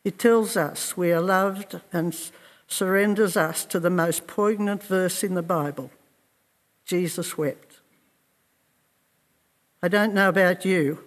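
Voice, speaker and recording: A man preaching a sermon in a slow, earnest and reflective way, with measured pauses. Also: high voice, big-room sound.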